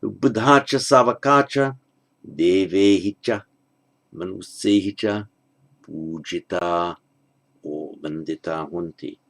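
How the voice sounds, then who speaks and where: A man with a low, gravelly voice explains grammar step by step. He speaks slowly and deliberately, pausing to think aloud as he works through each exercise. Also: fairly bright tone. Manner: slow, methodical, thinking aloud with pauses. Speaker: language teacher. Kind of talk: spoken grammar lesson.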